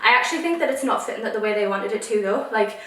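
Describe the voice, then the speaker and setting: A woman's voice: mid-range voice, expressive, fast talker, a bit bright, distant mic. A young woman vlogging a try-on haul, ranting in an exasperated way. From United Kingdom. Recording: echoey room, voice a little off mic.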